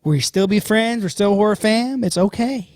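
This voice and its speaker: A man's voice: high voice, normal speed, no room sound, studio quality. A man co-hosting a casual podcast, talking bluntly and in long rambles, swearing constantly. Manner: animated, profane, blunt, rambling. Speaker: podcast co-host.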